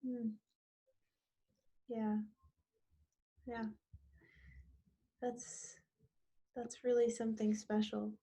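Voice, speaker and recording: A woman's voice: on the high side, little pitch movement, very slow, pauses often, dark tone, husky. A woman hosting a discussion, answering with short agreeing remarks. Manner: brief agreeing interjections. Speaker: host. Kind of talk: interviewer backchannel.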